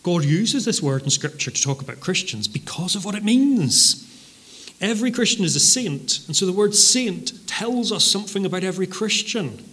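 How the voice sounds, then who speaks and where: A man preaching a sermon, explaining a passage in a measured teaching manner, with occasional fillers and stressed repetitions. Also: high-pitched, animated, fairly bright tone.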